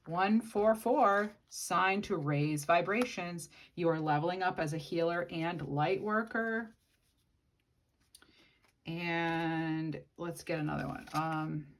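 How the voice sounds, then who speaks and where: Low-voiced woman giving a tarot reading. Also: slight background noise. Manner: musing, speaks to the viewer directly. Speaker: tarot reader. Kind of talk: casual channeled tarot reading.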